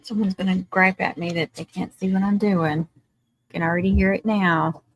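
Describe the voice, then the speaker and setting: A woman's voice: mid-range voice, steady tone, moderate pace. Chatty woman crafting live. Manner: chatty, dry sarcastic asides. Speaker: craft live-stream host. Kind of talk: casual chat while crafting. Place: home craft table.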